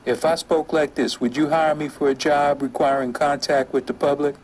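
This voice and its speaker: A man's voice: fairly high pitch, level tone, normal speed, lightly acted. A man putting on a Southern US accent in a recorded voice sample for research. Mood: drawling.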